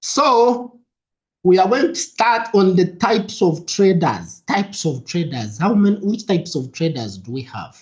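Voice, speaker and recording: A young adult man hosts a live trading stream, greeting viewers and repeating himself in an upbeat way, dropping into soft asides. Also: sits high, sing-song, a little slow. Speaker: trading mentor hosting a livestream. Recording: lo-fi stream audio.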